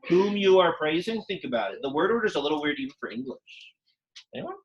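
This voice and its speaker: A man's voice: on the high side, sing-song, quick pace, highs cut off. A young man teaching a Latin class, speaking casually and quizzing his students with questions. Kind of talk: classroom lecture.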